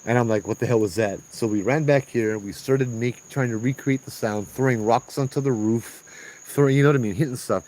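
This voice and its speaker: A middle-aged man with a Hawaiian accent, telling ghost stories on location outdoors in a casual, animated way, acting out sounds and voices and saying "bro". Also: medium pitch, fairly quick, rough recording. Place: outdoors at a trail at night. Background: crickets and insects.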